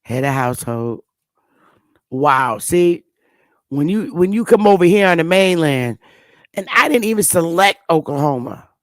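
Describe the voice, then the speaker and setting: A woman hosting a casual livestream, talking bluntly with profanity and excited exclamations. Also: fairly low pitch, a little slow, no room sound. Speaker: livestream host.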